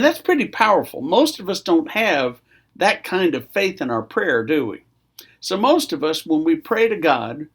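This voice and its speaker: A man who is a pastor giving a weekly devotional in a relaxed, conversational way, now and then acting out quotes with sudden loud outbursts. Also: a little high. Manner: conversational, acts out shouted quotes.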